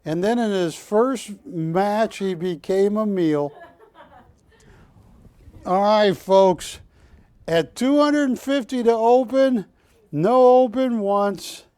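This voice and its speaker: A man's voice: high-pitched, takes it slowly, dark tone, clear, resonant tone, no room sound. A middle-aged man hosting a live TV shopping auction, calling bids and joking as he rambles. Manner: chatty, jokey, rambling between bid calls. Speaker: auctioneer host of a shopping show. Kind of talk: live TV auction sales patter.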